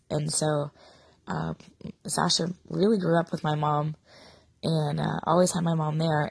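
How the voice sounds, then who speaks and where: A woman speaks in a low, flat, husky voice with gravelly fry, sounding sick and short of breath. She talks sadly and haltingly as a mother confiding a personal story. The recording is close and dry. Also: dry recording. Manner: sad, confiding, halting with fillers. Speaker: podcaster, mother. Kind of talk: personal monologue.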